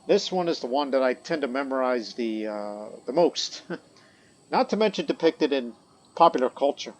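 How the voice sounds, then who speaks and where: A man's voice: mid-range voice, animated, normal speed, poor audio. A man giving casual gameplay commentary, thinking aloud, muttering to himself and reading game text aloud. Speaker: let's play commentator.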